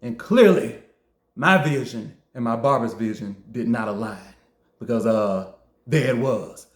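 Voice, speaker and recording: A man reviewing fast food in a casual vlog, joking, laughing often and acting out his own lines. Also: mid-range voice. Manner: animated, joking, quick to laugh. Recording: roomy echo.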